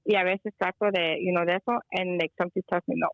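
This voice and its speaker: A woman from Chicago, on the line as a guest energy healer, rambles through a story in a laid-back phone chat, tossing in Spanish expressions. She talks fast in a lowish, steady voice. The call sounds muffled but free of echo.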